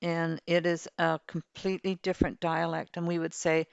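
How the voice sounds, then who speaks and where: A woman's voice: fairly low pitch, little pitch movement, moderate pace, vocal fry, hardly any pauses, clean tone, no room sound, lo-fi sound. A woman hosting a game livestream, chatting and rambling cheerfully while she plays. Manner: chatty, rambling, laughs easily. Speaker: livestream host. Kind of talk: casual chat while playing a farming game.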